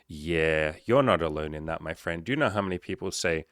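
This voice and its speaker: A man with a very low, deep voice talks through a casual solo podcast as a life coach. His delivery is loose, joking and peppered with swearing, wandering off into asides. The sound is dry and close, with no room around it. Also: lively intonation, fairly quick, a bit bright, dry recording.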